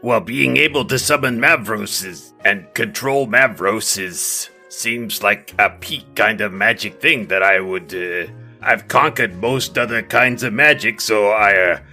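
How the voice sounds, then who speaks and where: A man's voice: on the low side, a little slow, sharp tone, faint music behind, exaggerated voice. A man playing a pompous, boastful male mage king who stammers when flustered, in an improvised tabletop game. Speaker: game master. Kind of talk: improvised tabletop role-play.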